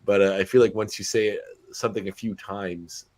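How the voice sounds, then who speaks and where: A man with a very low voice hosts a casual podcast chat. He talks in a loose, halting way, restarting phrases as he thinks aloud. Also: steady tone, a little mellow. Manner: chatty, halting, many restarts. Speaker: podcast host.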